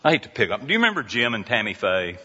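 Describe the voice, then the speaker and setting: A man's voice: fairly low pitch, very animated, pushed and bright, slight background noise. A man preaching a sermon as a pastor, telling stories and putting questions to the congregation. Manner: storytelling, slow and conversational with audience questions. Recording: dull lo-fi sound in a reverberant hall.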